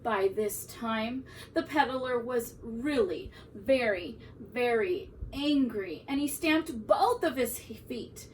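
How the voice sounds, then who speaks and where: Teacher lady reading a kids book slow and lively, mic kinda far off. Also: fairly high pitch, a little hiss or hum. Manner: expressive, animated storytelling. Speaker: preschool teacher. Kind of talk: reading a picture book aloud.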